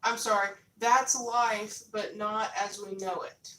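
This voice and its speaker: A woman's voice: mid-range voice, steady tone, slow pace. A woman hosting a reaction channel, making dry commentary on a clip. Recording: roomy, distant mic.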